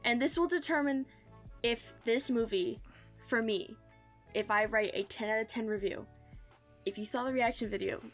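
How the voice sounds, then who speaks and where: A woman's voice: fairly high pitch, moderate pace, pauses often, faint music behind. A young woman co-hosting a podcast, chatting in a bubbly, emphatic, playful way. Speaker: podcast co-host. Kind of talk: casual podcast chat.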